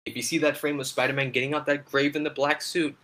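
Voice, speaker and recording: An enthusiastic man co-hosts a relaxed gaming chat. His voice is bright and eager, and he talks with excited fan energy. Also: fairly high pitch, quick pace. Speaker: gaming channel co-host.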